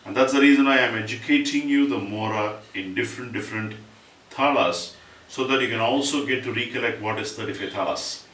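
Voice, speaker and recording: A man teaching Carnatic rhythm, explaining step by step and reciting rhythm syllables loudly and fast. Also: medium pitch, animated, noisy background. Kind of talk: spoken music lesson with recited rhythm syllables. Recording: roomy, distant mic, faint ambience.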